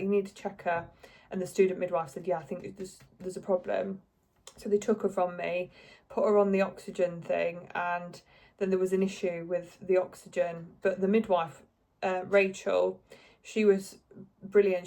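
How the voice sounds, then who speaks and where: Young woman, lowish voice, casual vlog storytelling, chatty and heartfelt. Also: a little mellow. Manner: chatty, lots of likes and ums, emotional. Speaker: vlogger.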